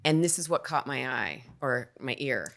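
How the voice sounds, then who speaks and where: A woman's voice: rumbling low, animated, normal speed, fairly bright tone. A woman guest on a podcast, telling a story in casual chat and acting out the lines she quotes. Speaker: guest actor.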